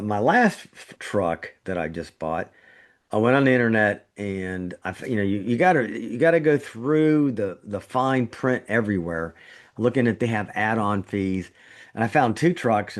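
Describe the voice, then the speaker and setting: A man's voice: lowish voice, animated, normal speed. A middle-aged man, a surgeon co-hosting a podcast, telling a story in casual chat, his voice jumping up when he gets indignant. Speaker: trauma surgeon, podcast co-host.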